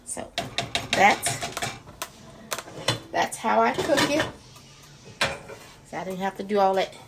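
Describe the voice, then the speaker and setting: A woman's voice: medium pitch, lively intonation, slow, creaky. A woman chatting folksily to her viewers as she cooks in her home kitchen. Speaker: cooking vlogger. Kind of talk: casual cooking demo chat. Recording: noisy home recording.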